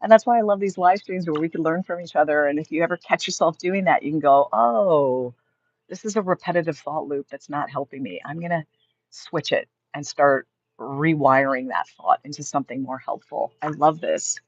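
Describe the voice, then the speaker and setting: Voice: medium pitch, brisk. An upbeat host of a motivational live stream at home, reading viewer comments aloud and answering them. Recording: slightly dull lo-fi stream audio.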